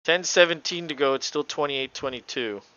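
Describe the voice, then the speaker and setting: Man, casual live play-by-play, bright voice, offhand and profane, dry dull lo-fi mic. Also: fairly high pitch, moderate pace, clean tone, no echo. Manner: relaxed, offhand, swears casually. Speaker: podcast co-host.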